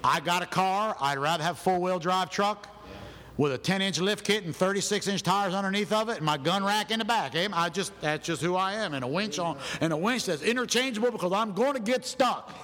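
A man preaching a sermon in a church, animated and loud, acting out people's excuses in his own voice. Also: high voice, moderate pace, a little hiss or hum. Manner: animated, shouting, acts out other people's excuses. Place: church sanctuary. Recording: long hall reverb in a church.

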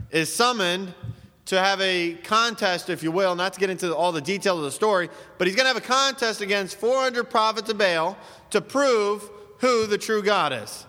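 A man's voice: high-pitched, pushed and bright, long reverb tail. A man preaching a sermon as pastor, emphatic and full of rhetorical questions.

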